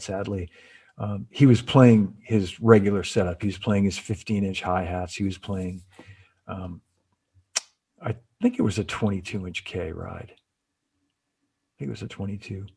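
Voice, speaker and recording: A middle-aged man with a fairly low, mellow, husky voice is interviewed as a guest. Formerly in artist relations for a cymbal company, he tells long, casual stories full of restarts and asides.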